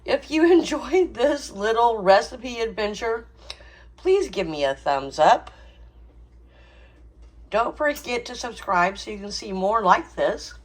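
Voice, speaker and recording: A woman's voice: fairly high pitch, big pitch swings, takes it slowly. Chatty woman hosting a cooking vlog. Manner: chatty, frequent ums, small laughs. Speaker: cooking channel host. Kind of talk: casual cooking vlog chat.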